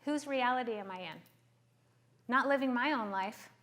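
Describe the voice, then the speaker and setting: Lively woman therapist addressing a group. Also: a little high, normal speed. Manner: lively, acts out quoted voices, checks in with "okay?" and "right?". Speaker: therapist speaking at a workshop. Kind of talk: workshop talk to a live group.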